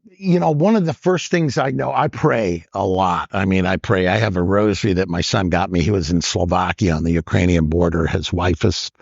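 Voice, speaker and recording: An older man, a comedian guest, telling stories in casual chat, laughing often and jumping into loud high voices when he quotes people. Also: moderate pace, creaky, breathy edge, no room sound, muffled recording.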